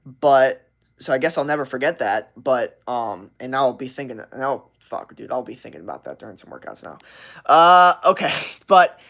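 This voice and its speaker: A man's voice: medium pitch, expressive, normal speed, fairly bright tone. A young adult man livestreaming, telling a rambling, profane story with constant "like" fillers. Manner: rambling and profane, heavy use of "like".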